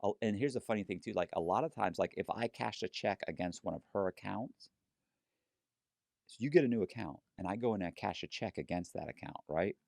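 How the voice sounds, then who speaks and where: A middle-aged man telling a story as an interview guest, animated and profane, acting out other people's lines. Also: lowish voice, a little fast, gravelly, dry recording, clean studio sound.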